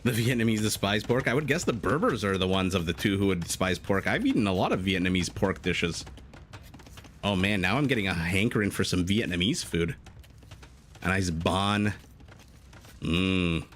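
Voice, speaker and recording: A man calls a live strategy game in a slightly low voice. He talks in a loose, jokey way and keeps breaking off to reply to his chat. Faint keyboard typing sits under his voice. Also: animated, normal speed, a bit bright, a little hiss or hum. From Canada. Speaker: game caster. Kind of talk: live esports commentary, reading chat.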